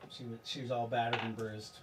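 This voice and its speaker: A man running a tabletop game as game master, talking in a rambling, halting way and laughing at his own jokes. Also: medium pitch, little pitch movement, distant mic, heavy background noise.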